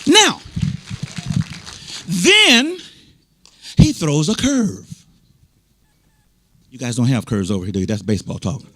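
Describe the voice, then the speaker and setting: A man's voice: fairly low pitch, wildly swooping pitch, normal speed, pauses often, warm tone, husky. An American man preaching a sermon as a bishop, emphatic and repetitive, restating each point and bantering with the congregation. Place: church service. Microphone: microphone.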